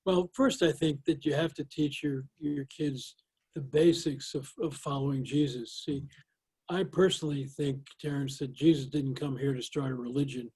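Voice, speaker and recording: An older man talks in an easy, folksy way and leans on "you know" as he tells his stories. His voice sits a little high for a man, and it sounds husky and mellow. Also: fairly even intonation, normal speed, low-quality recording. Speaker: guest. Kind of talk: interview conversation.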